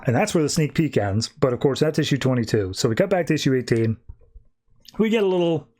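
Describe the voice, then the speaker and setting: A man chatting his way through a comic book recap on a podcast, with a middle-pitched voice. He strings the story along with fillers and restarts in a loose, easy flow. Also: animated, quick pace, a little mellow. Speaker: podcast host.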